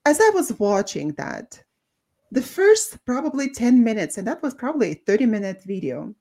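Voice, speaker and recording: Mellow-voiced woman, thoughtful co-host. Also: on the high side, very animated, moderate pace. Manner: thoughtful, many fillers and restarts. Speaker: co-host, doctor. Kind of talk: casual podcast talk.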